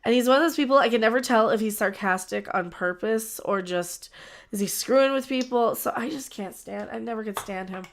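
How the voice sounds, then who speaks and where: Chatty woman streamer, slightly high voice. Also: a little fast. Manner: rambling, chatty, trails off and restarts. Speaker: livestream host. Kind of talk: casual livestream chat.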